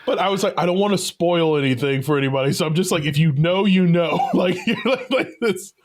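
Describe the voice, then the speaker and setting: A man with a fairly high voice chats loosely about a movie with his co-host. He laughs often and slips into silly put-on voices to act out scenes. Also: expressive, fast. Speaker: podcast co-host. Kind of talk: casual movie chat.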